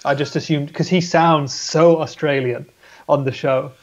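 A man's voice: on the high side, steady tone, unhurried, highs cut off. A man guesting on a casual podcast, talking in an easygoing, agreeable way. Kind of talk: casual chat.

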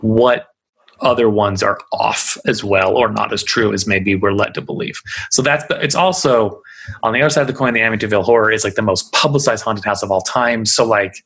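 A man with a low, husky voice hosts a podcast in a relaxed, rambling way. His delivery is loose and full of fillers. He talks at a studio mic. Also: brisk. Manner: chatty, loose, lots of fillers. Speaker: podcast host. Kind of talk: casual chat.

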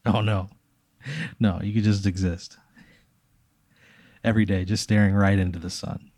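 A man's voice: lowish voice, little pitch movement, normal speed, a little mellow, no room sound, clean studio sound. A man in casual podcast chat, telling an absurd hypothetical story in a rambling way, full of filler words and bits of laughter.

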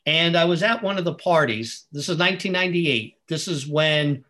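A middle-aged man telling earnest, animated stories as a podcast guest. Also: fairly high pitch, moderate pace. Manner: earnest, animated storyteller who acts out dialogue. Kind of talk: storytelling in a podcast conversation.

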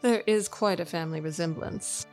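A woman player speaking in character during a tabletop game, playful and flattering. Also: fairly low pitch, moderate pace, soft background music.

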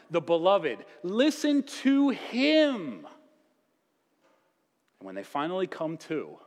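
A man preaching a sermon as pastor, with playful asides and acted-out quotes. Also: medium pitch. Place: church sanctuary. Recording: long church reverb.

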